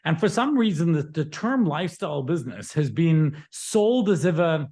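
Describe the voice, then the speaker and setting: A man's voice: fairly high pitch, sing-song, normal speed, a little mellow. A man talking through his views in a casual podcast discussion, musing and correcting himself as he goes. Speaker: regular guest.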